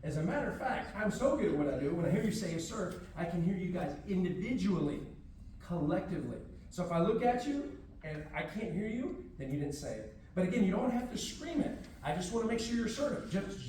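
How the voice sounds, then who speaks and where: A high-voiced man teaches a martial arts class in a firm, drill-like way. He is from Houston and commands the children with short orders. The sound is roomy and distant, as if picked up by a far-off camera in a large echoing room. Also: lively intonation, fast talker, a little mellow, slight background noise. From Houston, Texas. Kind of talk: teaching a class to kids and parents. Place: library room, echoey.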